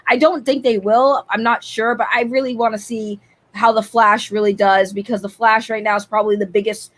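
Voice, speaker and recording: A woman's voice: on the high side, fairly even intonation, fairly quick. A woman co-hosting a casual livestream chat over an online call, earnest and repeating her points with many restarts.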